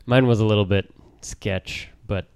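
A man's voice: on the low side, steady tone, unhurried, a little mellow, clean tone, dry recording, clean studio sound. A man co-hosting a casual podcast, reading sponsor lines and joking with guests. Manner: playful, reads sponsor lines. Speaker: podcast co-host. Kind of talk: casual chat.

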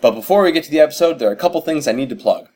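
A man hosting a podcast, reading a brisk, upbeat intro and plugs for the show. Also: a little high, animated, a little mellow. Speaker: podcast host.

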